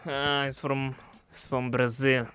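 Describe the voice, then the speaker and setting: A man's voice: medium pitch, flat delivery, takes it slowly, a bit bright, clear, resonant tone, dry recording. A young man with a Kenyan accent hosting a casual podcast, joking and laughing often. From East Africa. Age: young adult. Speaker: podcast host.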